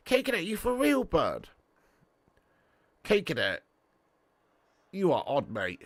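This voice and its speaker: A man hosting a live football watch-along, giving commentary and reading out chat in an excitable, slangy way with indignant outbursts. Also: on the high side, slow pace, long pauses, no echo. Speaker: match watch-along host.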